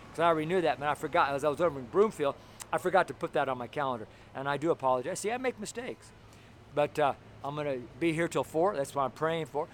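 A man delivers an emphatic street sermon outdoors, his voice sitting fairly high. He presses his points with loud, fervent bursts. Faint street noise from passing traffic hums behind him. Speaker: street preacher.

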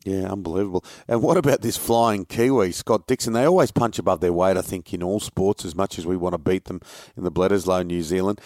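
A man hosting a sports podcast, leading the topics in a relaxed conversational way. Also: deep voice, a little fast, hardly any pauses, no echo, studio quality. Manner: conversational, leads the segments. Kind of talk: casual sports chat.

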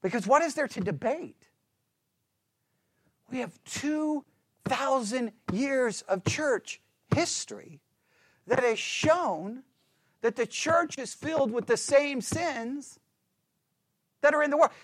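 Animated high-voiced man preaching. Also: takes it slowly, long pauses, no room sound. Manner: animated, rhetorical questions, acts out churchgoers. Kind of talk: sermon.

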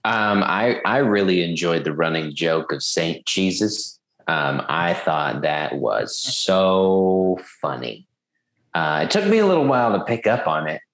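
A man in casual conversation reviewing a film, talking in a halting way with many fillers. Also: sits low, very animated, a bit bright, roomy sound. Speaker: podcast co-host. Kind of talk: casual movie review chat.

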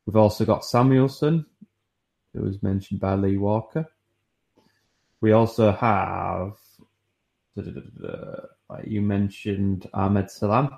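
A man's voice: lowish voice, fairly even intonation, unhurried, gravelly, pauses often, a little mellow. A man co-hosting a podcast, going through listeners' suggestions with hesitant fillers. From not from Newcastle. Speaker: podcast co-host. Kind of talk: casual chat.

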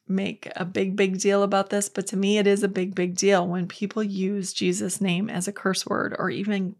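A woman hosting a faith podcast, giving an earnest, conversational Bible teaching with quotes acted out. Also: mid-range voice. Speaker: podcast host.

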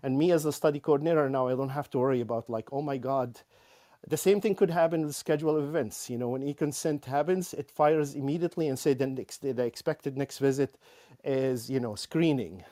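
A man on a panel, explaining a software setup in a loose, conversational way with many fillers and restarts. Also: medium pitch, fairly quick. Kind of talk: conversational tech panel discussion.

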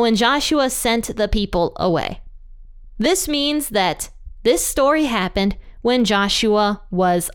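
A woman's voice: a little high, clear, resonant tone. A woman teaching a casual Bible study, reading scripture aloud and chatting with small laughs at herself.

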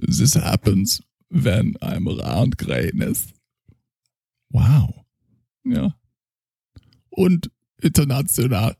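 A pompous, tipsy German psychoanalyst, as a man puts him on, drawls out grand boasts in a heavy mock German accent. The voice is gravelly and husky with a lively, swooping pitch, and the room is dry and close. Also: no room sound, exaggerated voice. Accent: put-on German. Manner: slow, grandiose, slurring boasts. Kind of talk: improvised comedy character.

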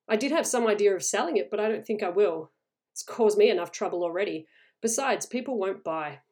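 A woman's voice: mid-range voice, expressive, fairly quick, a little mellow, natural voice. A woman voicing a grave, haunted older male soldier who speaks with serious warning.

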